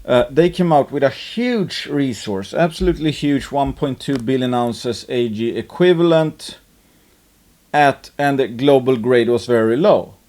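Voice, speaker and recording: A man's voice: medium pitch, animated, a little slow, darkish tone. A man hosting an investing channel, talking through stocks in casual market commentary, full of fillers and restarts. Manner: rambling, many fillers and restarts.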